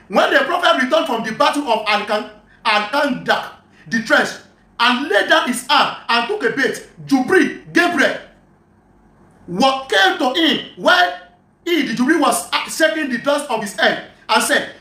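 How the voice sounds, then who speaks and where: Bright high voice in a roomy echo. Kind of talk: heated online religious debate.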